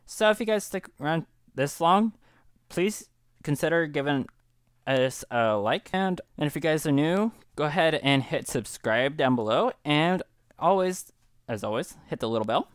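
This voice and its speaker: A man hosting his own gaming channel, giving relaxed, chatty gameplay commentary with frequent little laughs. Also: on the high side, normal speed, clear, resonant tone, no echo, studio quality. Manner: relaxed, chatty, laughs often, many restarts. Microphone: headset.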